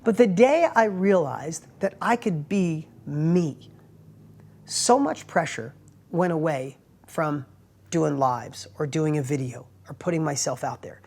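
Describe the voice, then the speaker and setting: A motivational speaker and entrepreneur host tells stories in a casual talk, using plain everyday words and often tagging his lines with "right?". His fairly high voice moves slowly, building into excited, emphatic bursts before sinking to quiet, confiding asides.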